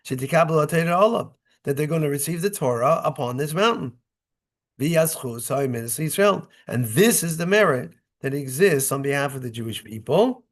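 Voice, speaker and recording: A man's voice: on the high side, lively intonation, moderate pace. A man leads a Torah study class as its rabbi. He reads a verse phrase by phrase and explains each one in a conversational, step-by-step way, often checking in with his listeners. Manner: reads short Hebrew phrases, then explains in English; conversational, checks in with "right?" and "okay?". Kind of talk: Torah study lesson, reading verses and translating.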